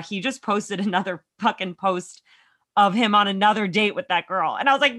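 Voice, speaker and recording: A woman in her thirties co-hosts a podcast and tells stories in casual, unfiltered chat. She swears freely and acts out the lines others said to her. Her voice is bright and sharp. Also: medium pitch. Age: 30s. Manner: quick, swearing, quotes herself. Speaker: podcast co-host.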